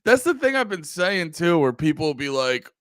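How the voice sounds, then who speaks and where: A man's voice: fairly high pitch, big pitch swings, normal speed, fairly bright tone, clean tone, no room sound, clean studio sound. A man in his thirties from the United States, hosting a casual livestream chat in a rambling, profane way with lots of fillers. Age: 30s. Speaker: livestream host.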